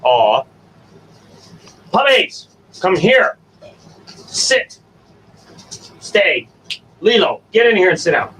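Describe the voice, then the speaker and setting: Guy talking to his dogs on a stream, slow and bouncy, kinda far from the mic. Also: sing-song, a bit bright. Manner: coaxing commands to dogs, sing-song high bursts. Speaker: stream host. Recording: distant from the mic. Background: dogs, faint room noise.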